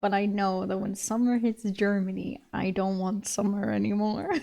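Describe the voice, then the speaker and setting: A woman's voice: medium pitch, level tone, moderate pace, creaky, hardly any pauses, dark tone. A young woman streamer chatting casually with her viewers, laughing often and swearing casually.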